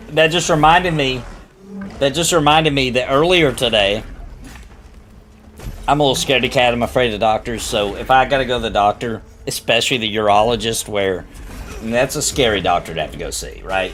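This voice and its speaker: A man casually chatting on a game stream, telling stories with lively shifts in voice. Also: a little hiss or hum. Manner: animated storyteller, jumps high when quoting people. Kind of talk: casual gaming stream chat.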